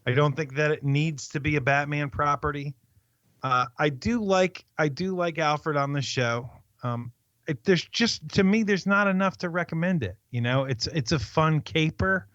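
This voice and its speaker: A man's voice: on the high side, moderate pace, fairly bright tone, no room sound, dull audio. A man co-hosting a casual podcast chat in a wry, teasing way. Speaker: podcast co-host.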